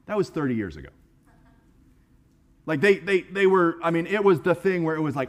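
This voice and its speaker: A pastor gives a sermon in a church sanctuary, speaking fairly quickly in a relaxed, lively manner and slipping into acted-out voices for quotes. His voice sits a little high for a man, and he often repeats a word before a phrase gets going.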